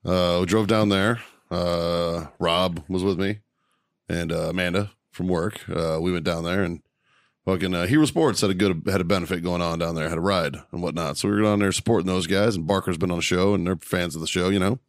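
A man's voice: low voice, steady tone, fairly quick, no echo, clean studio sound. A man co-hosting a podcast, telling a weekend story in casual chat, cursing freely and laughing often. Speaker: podcast co-host.

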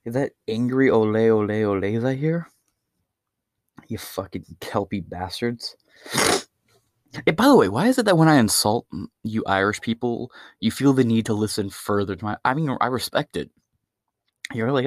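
A man's voice: on the low side, animated, moderate pace, pauses often, dry recording, clean studio sound. A man hosting his own podcast, ranting alone in a rambling, mocking and heavily profane way. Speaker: podcast host. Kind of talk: ranting solo podcast monologue.

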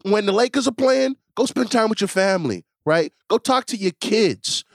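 Brief: male guest, high and animated voice, dry close sound, exasperated rant. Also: moderate pace, dry recording. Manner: exasperated, ranting, rhetorical questions. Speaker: guest ranting about his team. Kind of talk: comedic rant segment.

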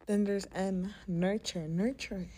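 A woman hosts her own podcast without notes, speaking in a relaxed, mellow voice at an ordinary pitch. She is frank and swears casually, laughs often, and sometimes drops to a soothing near-whisper. A faint hiss of background noise sits under her voice. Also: measured pace. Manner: candid and profane, with frequent laughs; soft, soothing and half-whispered in places. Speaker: podcast host. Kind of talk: unscripted podcast monologue.

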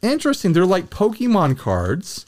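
Podcast co-host, male, animated and joking, voice swings high and low. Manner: animated, joking, quick asides. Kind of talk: casual chat.

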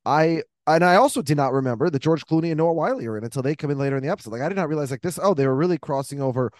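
A man's voice: a little high, expressive, racing, darkish tone, no room sound, studio quality. Rambling man hosting a chat. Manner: rambling, thinking aloud. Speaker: podcast host. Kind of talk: casual chat.

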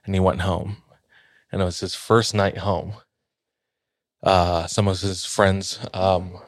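A man casually retelling a ghost story, rambling with fillers and restarts, sinking to a hushed voice at tense moments. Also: deep voice, dry recording, studio quality. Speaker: storyteller in a podcast-style chat.

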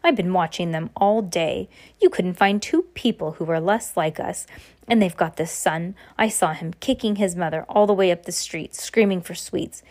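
A stern, anxious older witch professor, fretting and protesting, as a woman reads her aloud. The voice sits somewhat low for a woman. It is a plain storybook reading with little acting. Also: normal speed, darkish tone, natural voice. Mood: indignant. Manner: fretful, protesting.

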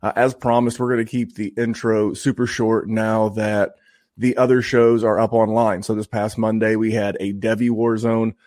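A man's voice: fairly low pitch, flat delivery, normal speed, darkish tone, dry recording, clean studio sound. A man from Indiana hosting a fantasy football podcast in a chatty, joking way with frequent restarts. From Indiana, USA. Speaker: podcast host. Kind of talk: casual podcast intro.

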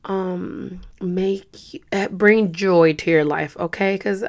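A hoarse young woman hosting a podcast in casual, rambling chat, full of fillers and throat-clearing. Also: fairly low pitch, steady tone, slow pace, darkish tone. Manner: rambling, chatty, many fillers. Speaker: podcast host.

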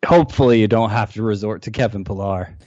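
Male co-host, mid-pitched, thinks out loud with restarts; dull, dry remote audio. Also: quick pace, no echo. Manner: hesitant, restarts often when explaining. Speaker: fantasy baseball analyst. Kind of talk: fantasy baseball podcast chat.

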